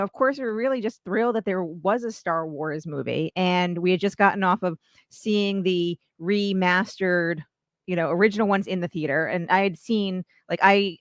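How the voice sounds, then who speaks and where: A woman's voice: lowish voice, no echo. A woman in her forties co-hosting a casual live stream, chatty and reflective, with plenty of fillers. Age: 40s. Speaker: co-host.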